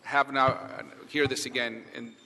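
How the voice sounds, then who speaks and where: A man chairing a public council committee hearing, briskly moving through items and calling speakers' names at a desk microphone. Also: mid-range voice, level tone, gravelly, sharp tone, slight background noise. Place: council chamber. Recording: echoey hall.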